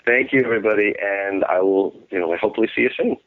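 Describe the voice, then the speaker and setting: A man's voice: lowish voice, fast. A man calling in as a guest on a radio interview, easygoing and agreeable, joking along with the host. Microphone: telephone. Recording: tinny phone line with faint hiss.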